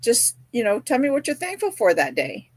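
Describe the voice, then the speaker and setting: A woman's voice: on the high side, wildly swooping pitch, moderate pace, breathy edge, no room sound. A woman hosting a crochet live stream, chatting casually, reading viewer comments and telling stories with many fillers. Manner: chatty and storytelling, with quoted voices and fillers. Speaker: crochet livestream host. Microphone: streaming setup.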